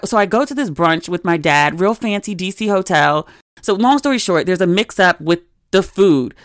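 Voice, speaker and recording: A woman's voice: lowish voice, normal speed, no room sound, clean studio sound. Chatty woman hosting a podcast. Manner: animated, conversational storytelling with asides. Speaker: podcast host. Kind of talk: casual solo chat.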